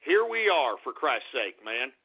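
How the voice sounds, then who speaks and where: A man's voice: medium pitch, sing-song, unhurried, husky. A man hosting a call-in radio show, ranting in exasperation, stammering and swearing. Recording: phone-like lo-fi radio audio.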